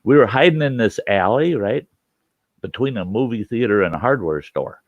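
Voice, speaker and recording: A man telling a funny story in casual chat, animated, laughing often and swearing freely. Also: on the low side, moderate pace, no room sound, muffled recording.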